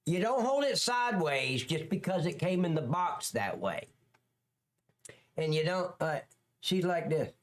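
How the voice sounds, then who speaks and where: A man's voice: sits high, sing-song, unhurried. Blunt, profane man commenting. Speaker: livestream host reacting to police footage. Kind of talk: reaction commentary.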